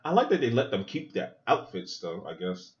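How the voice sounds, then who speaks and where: Male podcast host with a very animated, crude watch-along delivery and a muffled lo-fi sound. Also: lowish voice, normal speed. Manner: loose, profane, joking running commentary. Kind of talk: casual movie watch-along commentary.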